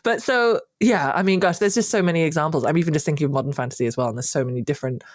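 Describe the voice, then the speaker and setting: A woman's voice: low-pitched, rapid-fire, dry recording, clean studio sound. A woman co-hosting a podcast, talking in an enthusiastic, rambling way. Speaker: podcast co-host. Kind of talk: casual chat.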